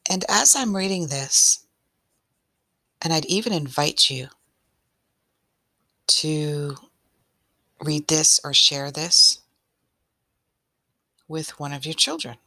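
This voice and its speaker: A woman hosting a podcast as a spiritual coach, speaking gently and invitingly in a low voice with plenty of gravelly fry. She takes her time over every phrase, and the recording is close and dry. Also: slow pace, long pauses, dry recording. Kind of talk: soft-spoken podcast talk and story reading.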